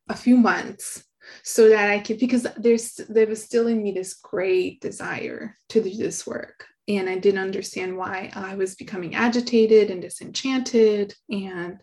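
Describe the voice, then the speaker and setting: A middle-aged woman, an author being interviewed, speaking in an earnest, soft, reflective way and laughing often. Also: mid-range voice. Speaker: guest, author.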